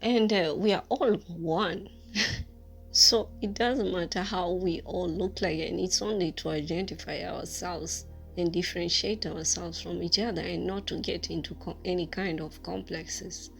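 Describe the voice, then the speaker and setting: A woman and former teacher telling a personal story in a casual, halting way, with many fillers and frequent laughs. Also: fairly low pitch, steady tone, creaky, faint music behind.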